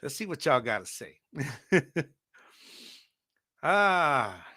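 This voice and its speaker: A man's voice: fairly high pitch, very slow. A man hosting a podcast, telling a childhood story in a casual, slangy way and talking straight to his listeners. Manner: animated, slangy, addresses audience directly. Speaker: podcast host.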